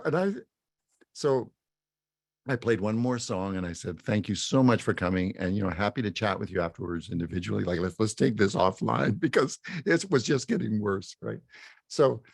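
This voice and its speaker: A man's voice: lowish voice, vocal fry, a little mellow, no room sound, clean studio sound. A man in his seventies from Saskatchewan telling a self-mocking story at a fireside talk, chuckling often. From Saskatchewan, Canada. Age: 70s. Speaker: musician and speaker.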